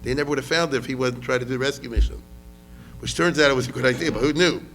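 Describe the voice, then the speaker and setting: A man's voice: medium pitch, very fast, fairly bright tone, a little hiss or hum. A man lecturing on history as a rabbi, talking casually, often asking the audience questions and mixing in Hebrew words.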